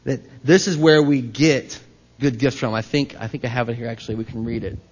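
A man's voice: mid-range voice, steady tone, brisk, slightly rough, muffled recording. A man preaching a sermon as pastor, talking in a conversational way and putting questions to the congregation.

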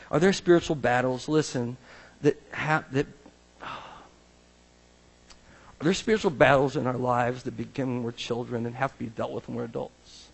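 A male pastor preaching a sermon to a church, animated, acting out the Bible's voices. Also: fairly high pitch, moderate pace. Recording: long reverb of a large hall.

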